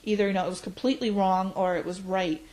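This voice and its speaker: A woman in her forties, reflecting on her life in an interview, pausing often with fillers. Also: mid-range voice, fairly even intonation, a little mellow, rough recording. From United States. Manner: reflective, hesitant with frequent fillers. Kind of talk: oral history interview.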